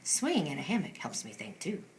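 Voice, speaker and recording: A woman doing a soft, thoughtful spider lady. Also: sits low, huge pitch swings, brisk, slight background noise, pitched below the performer's own voice. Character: calm, thoughtful female spider who weaves webs. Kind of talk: storybook read-aloud.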